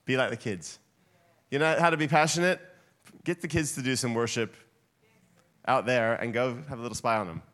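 A man preaching a sermon in a church hall, lively and playful, getting the congregation to shout along with him. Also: mid-range voice, fairly quick, pauses often. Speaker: guest preacher.

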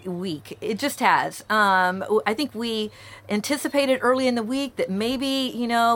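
A woman pastor giving a conversational sermon, telling stories in an animated way to a remote congregation. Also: medium pitch, slight background noise. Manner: warm conversational preaching, animated storytelling. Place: church, recorded outside usual sanctuary.

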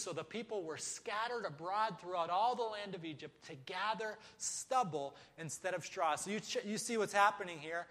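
A man's voice: sits high, fairly quick, hardly any pauses, sharp tone. A man preaching a sermon, emphatic, with rhetorical questions and repetition. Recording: echoey hall.

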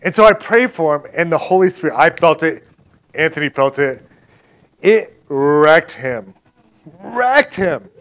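A man's voice: a little high, expressive, a bit bright. A man telling a personal faith testimony in a casual, chatty way, full of "like" and "right?" and acting out what others said. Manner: acts out others' lines in quick back-and-forth. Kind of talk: casual spoken storytelling.

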